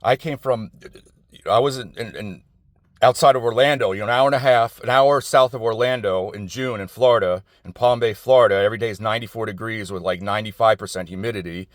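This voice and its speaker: A man's voice: lowish voice, fast talker, dry recording, studio quality. A middle-aged man, talking outdoors in a rambling, digressive, profane personal monologue full of restarts. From New Jersey. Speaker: vlogger. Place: outdoors outside an office building.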